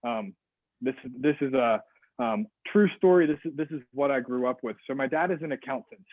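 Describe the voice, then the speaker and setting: A man's voice: mid-range voice, normal speed, no echo. Man speaking over a tinny video call. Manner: energetic, checks in often with the audience. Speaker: guest speaker on service and leadership. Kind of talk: interactive webinar presentation.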